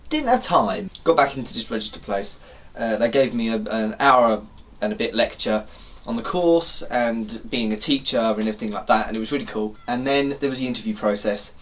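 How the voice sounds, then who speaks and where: A young man vlogging, telling a story to camera in an animated, exasperated way and swearing casually. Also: mid-range voice.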